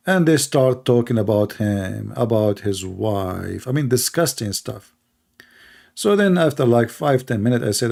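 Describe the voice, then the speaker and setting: Gravelly man. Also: medium pitch, moderate pace, a little mellow. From Middle East. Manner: emphatic, repetitive, storytelling. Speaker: online commentator. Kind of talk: casual monologue.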